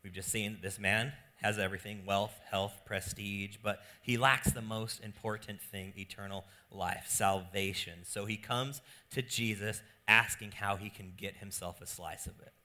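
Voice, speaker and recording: A young adult man, a pastor preaching a sermon with animated, playful storytelling. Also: lowish voice, normal speed, hardly any pauses.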